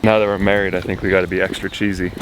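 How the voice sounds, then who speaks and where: Young male vlogger, low-ish voice, sincere and playful, light background hiss. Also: flat delivery, rapid-fire. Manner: earnest and reflective, then joking. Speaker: vlogger building a home. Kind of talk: casual vlog talk.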